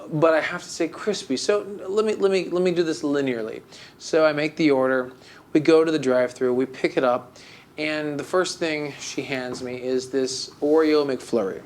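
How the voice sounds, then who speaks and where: A man co-hosting a podcast, chatting casually and telling a story with mock melancholy, full of fillers and restarts. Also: a little high. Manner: rambling, with many fillers and restarts. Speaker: podcast co-host. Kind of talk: casual chat.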